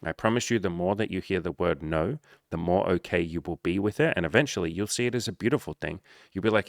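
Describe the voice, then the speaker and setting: A man's voice: deep voice, quick pace, creaky, no room sound, clean studio sound. A man who works as a dating coach, giving a blunt, profane motivational talk and acting out the people he quotes. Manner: profane, forceful, acts out quoted voices.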